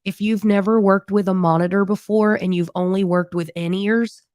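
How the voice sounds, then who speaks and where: A woman's voice: mid-range voice, fairly even intonation, normal speed, darkish tone, dry recording, clean studio sound. A woman in her thirties co-hosting a band podcast in a chatty, rambling, friendly way. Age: 30s. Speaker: band singer and podcast co-host. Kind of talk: casual podcast chat.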